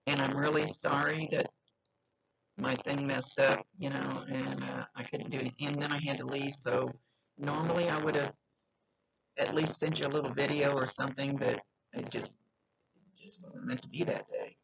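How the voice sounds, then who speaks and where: Gravelly husky man giving a psychic reading. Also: mid-range voice, little pitch movement, moderate pace, fairly bright tone, no echo, muffled recording. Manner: chatty, emphatic, relays messages in asides. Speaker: psychic medium. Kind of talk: direct-to-camera psychic reading.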